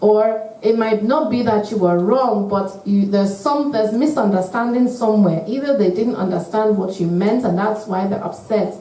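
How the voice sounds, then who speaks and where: A woman's voice: medium pitch, warm tone. Woman speaking in an echoey church hall. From United Kingdom. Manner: earnest, measured teaching with acted-out example phrases. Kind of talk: church talk to couples. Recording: echoey hall, mic at a distance.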